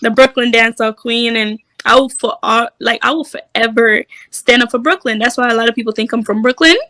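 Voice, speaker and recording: A woman with a bright, slightly high voice chats casually as an interview guest. She tells animated stories about her life and slips into other people's voices. The sound is dry and close. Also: a little fast, dry recording. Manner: animated storytelling, acts out quoted voices. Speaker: dancehall dancer, interview guest.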